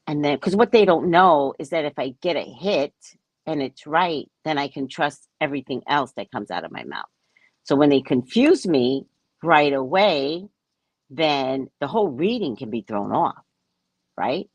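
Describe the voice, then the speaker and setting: Gravelly low-voiced woman, self-assured. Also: animated, moderate pace, no echo. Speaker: psychic reader. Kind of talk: casual spiritual talk to viewers.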